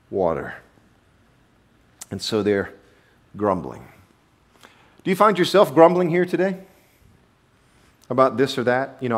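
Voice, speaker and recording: Male pastor, mid-pitch voice, animated sermon delivery with lively inflection and sudden hushed drops. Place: church sanctuary.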